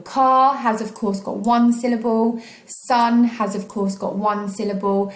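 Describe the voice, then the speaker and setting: A woman teaching a recorded online phonics lesson, slowly sounding out each syllable of words for young pupils. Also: medium pitch, fairly even intonation, roomy sound. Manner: slow, clearly sounding out syllables. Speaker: primary school teacher.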